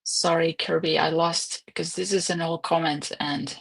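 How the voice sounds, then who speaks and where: Deep, husky and creaky, with a bit of brightness, her voice comes across flat at a normal speed. She's a woman in her twenties or thirties hosting a casual home livestream, chatty, rambling and quick to laugh.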